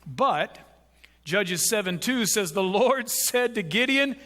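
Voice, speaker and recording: A man preaching a sermon, acting out quoted prayers with lively shifts in his voice. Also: slow pace. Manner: animated, acts out quoted prayers with rising pitch.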